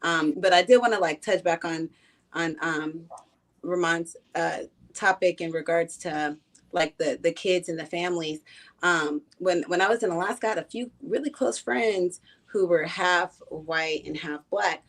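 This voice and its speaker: Brief: reflective woman panelist, low, even voice. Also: a little slow. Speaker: panel guest. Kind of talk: casual panel discussion.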